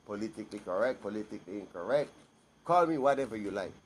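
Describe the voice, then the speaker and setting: A man's voice: fairly low pitch, expressive, quick pace, a little hiss or hum. A man giving a blunt, emphatic personal monologue to camera, repeating himself for stress.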